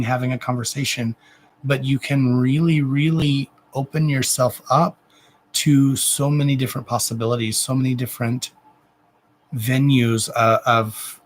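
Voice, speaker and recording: A man giving an oracle card reading on a live stream, speaking gently and emotionally to the viewer with endearments and lots of repetition. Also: mid-range voice, a little hiss or hum, poor audio. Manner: repetitive, emotional, self-interrupting.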